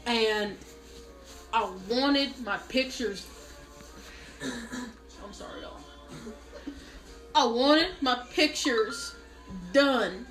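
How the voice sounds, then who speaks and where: A woman performing a comic monologue, telling a spoiled, self-pitying story with a straight face. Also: high voice. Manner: mock self-pitying, deadpan exaggeration. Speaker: comedic storyteller. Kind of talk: mock-dramatic comic monologue. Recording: roomy echo.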